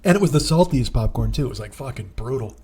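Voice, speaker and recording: A man's voice: mid-range voice, animated, fast talker, a little mellow, breathy edge. A man in his forties, a comedian hosting his own show, telling a long, rambling, profane story in a casual, exasperated way. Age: 40s. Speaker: comedian podcast host.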